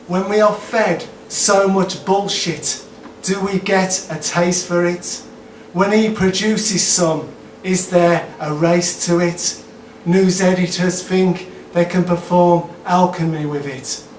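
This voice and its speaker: Guy doing slow sardonic poetry live, slightly high voice, echoey room, far mic, faint room noise. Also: fairly even intonation. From Birmingham, England. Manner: slow, deliberate, sardonic delivery with hesitant asides between poems. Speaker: performance poet. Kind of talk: spoken word poetry performance. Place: live performance venue, indoors.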